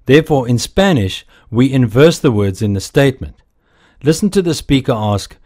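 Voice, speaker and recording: Male course narrator, mid-pitched, animated delivery, slow scripted instruction. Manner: slow, deliberate, explanatory.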